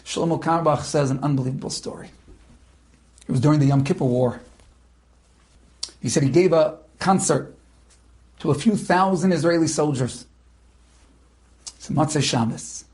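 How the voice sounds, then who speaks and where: A rabbi telling an inspirational story, dramatic and building to shouted prayers. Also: male voice, a little high.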